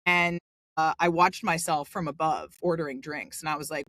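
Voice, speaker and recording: Animated woman telling her story. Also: moderate pace, dry recording. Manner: animated, acts out quotes with big pitch jumps. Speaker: podcast guest. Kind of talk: casual storytelling interview.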